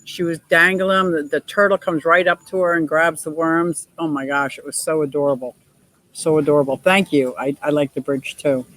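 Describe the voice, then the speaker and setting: A woman's voice: low-pitched, poor audio. A middle-aged woman hosting a casual livestream chat, reading out viewer comments and laughing often. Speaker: livestream host.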